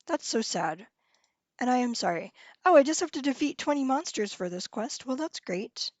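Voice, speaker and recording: A young woman chats with viewers on a live stream, bubbly and excitable, trailing off and laughing as she goes. Her voice sits a touch high. The sound is dull and lo-fi in a dry room with no echo. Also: moderate pace.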